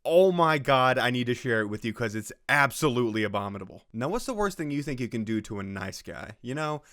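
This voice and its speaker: A man's voice: mid-range voice, animated, a little fast, fairly bright tone. A man giving casual, sarcastic commentary on a post he is reading, swearing freely and laughing at his own jokes. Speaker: video host reacting to a social media post.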